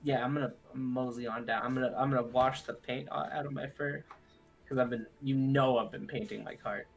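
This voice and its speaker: A young man plays a tabletop game in a casual, easygoing way. His voice sits in a middle pitch. He talks loosely and sounds amused. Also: fairly even intonation, brisk, creaky, soft background music. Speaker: player.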